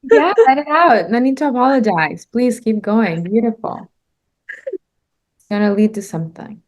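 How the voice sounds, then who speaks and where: A woman's voice: on the high side, animated, moderate pace. A woman coaching a client through an emotional session, encouraging her, laughing often and swearing casually.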